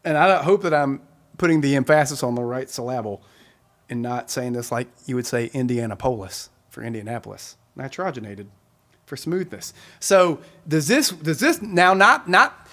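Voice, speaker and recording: Chatty man with a higher voice. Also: animated, moderate pace, a bit bright. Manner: rambling and chatty, laughs often, talks to viewers. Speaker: musician hosting a weekly live concert stream. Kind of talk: casual live-stream chat.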